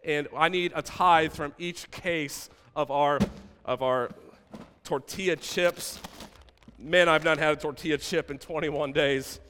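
Bright-voiced pastor in a reverberant church. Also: male voice, on the high side, steady tone, a little slow, slight background noise. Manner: playful, asks the congregation questions. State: out of breath. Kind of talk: sermon with props. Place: church stage.

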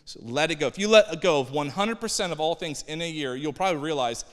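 A male pastor preaching in a big church hall, easygoing and joking with the congregation. His voice is fairly high and bright, with a forceful edge, and a long reverb hangs after each phrase. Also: fast. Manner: conversational, joking, animated. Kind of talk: sermon.

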